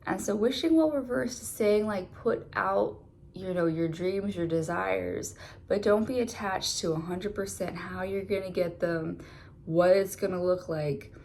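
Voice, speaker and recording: Tarot reader, woman, chatty and loose, gravelly fry in her voice, casual delivery. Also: medium pitch, unhurried, darkish tone, slight background noise. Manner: chatty, many filler words.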